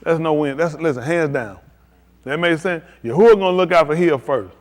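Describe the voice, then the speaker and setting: A man's voice: fairly high pitch, a little fast. A man preaching a live-streamed sermon to his congregation, emphatic and repetitive, hammering short punchy declarations. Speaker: pastor.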